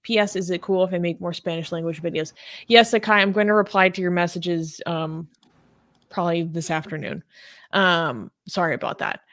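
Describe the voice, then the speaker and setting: A woman's voice: on the low side, steady tone, moderate pace, a bit bright, no echo, studio quality. A woman co-hosting a casual livestream, chatty and laughing often, with lots of fillers. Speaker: co-host.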